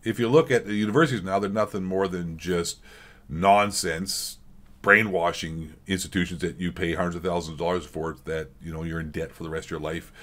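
A man's voice: low voice, fairly even intonation, a little fast, a bit bright. A man hosting a reaction video, ranting in a sarcastic, rambling and crude way. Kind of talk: casual rant commentary.

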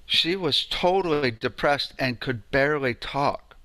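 A man's voice: medium pitch, a little slow, few pauses, pushed and bright, no echo. A man giving an informal lecture on sound healing, telling stories in a conversational way and often asking "right?".

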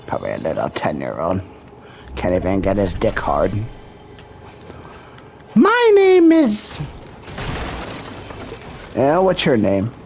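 A man's voice: low-pitched, wildly swooping pitch, normal speed, vocal fry, darkish tone, a little hiss or hum. A man making gaming videos, giving a profane, frustrated running commentary and trash-talking other players as he plays.

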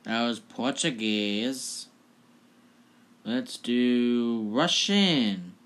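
Slow, chatty young host. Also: male voice, mid-range voice, expressive, fairly bright tone. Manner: chatty and offhand, laughing at the results. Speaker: video host. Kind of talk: casual vlog presenting.

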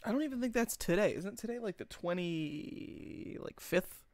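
A man's voice: sits high, animated, normal speed, dry recording. A young man from the United States streaming a card game, chatting casually with his chat, joking and laughing often. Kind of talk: casual live-stream gameplay commentary.

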